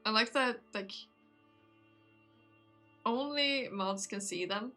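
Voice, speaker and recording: A woman's voice: a little high, takes it slowly, pushed and bright, soft background music. A woman streamer chatting casually with her viewers while reading a game aloud, sleepy and yawning, chatty and giggly. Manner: chatty and giggly, talking to chat. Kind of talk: casual chat while reading a visual novel.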